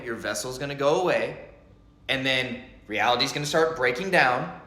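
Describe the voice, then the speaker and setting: A man's voice: mid-range voice, bright, forceful tone. A man giving an intense spiritual monologue, speaking emphatically and repeating phrases. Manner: intense, repetitive, emphatic delivery. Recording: echoey room.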